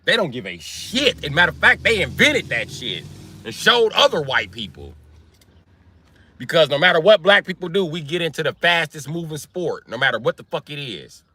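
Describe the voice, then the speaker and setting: A man's voice: a little high, sing-song, moderate pace, pushed and bright, husky. A man, a comedian, rambling through a profane stand-up style rant on his live stream.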